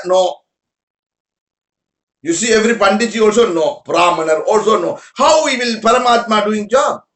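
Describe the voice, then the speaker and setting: Speaking in a high, pushed, bright voice, a man gives his followers an informal spiritual talk. He's a spiritual teacher with broken English who repeats words and quizzes listeners, recorded with roomy echo.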